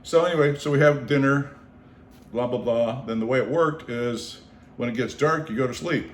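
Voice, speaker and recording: An older man from the Seattle area, hosting a podcast and telling stories in casual conversation. He is animated, acts out the people in his stories, laughs and repeats words. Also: mid-range voice, moderate pace, a little hiss or hum. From Seattle area, USA. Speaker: podcast host. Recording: roomy echo.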